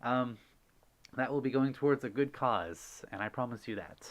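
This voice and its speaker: A man chatting on a casual livestream, reading viewer messages aloud with a bouncy, sing-song delivery. He is giggly and excitable, leaping up and down in pitch as he gushes his thanks. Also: moderate pace, highs cut off. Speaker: livestream host.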